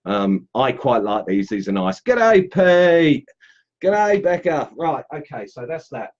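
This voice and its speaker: A man's voice: a little high, big pitch swings, slow, darkish tone, highs cut off. A man demonstrating woodcarving on a live stream, chatting casually and greeting viewers as he works. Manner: chatty and upbeat, greets viewers while carving.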